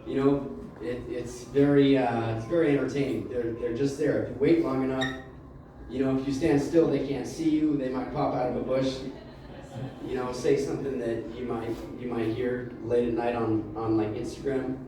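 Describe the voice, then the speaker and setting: A man doing a rambling stand-up set, telling a loose, halting story full of "like" and restarts. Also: mid-range voice, fairly even intonation, warm tone. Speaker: stand-up comedian. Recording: roomy, distant mic with faint room noise.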